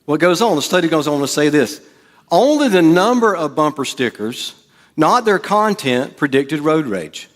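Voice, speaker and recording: Very animated and on the high side, a pastor's voice carries a casual, joking sermon in church at normal speed. He acts out the quotes he brings in.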